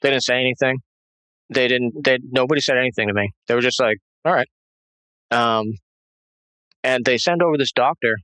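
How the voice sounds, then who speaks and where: A man's voice: mid-range voice, normal speed, long pauses, bright, forceful tone, no room sound, low-quality recording. A man being interviewed, telling a tense personal story in a rambling way, with many restarts and fillers. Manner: tense, agitated retelling. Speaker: interview guest.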